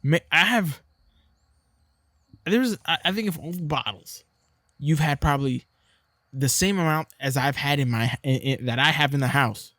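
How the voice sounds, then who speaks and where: A man's voice: a little high, normal speed, pauses often, dry recording, clean studio sound. A man co-hosting a podcast, chatting casually, cursing often and acting out voices when he retells things. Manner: loud, profane, animated when retelling, does voices of others. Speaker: podcast co-host. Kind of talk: casual chat.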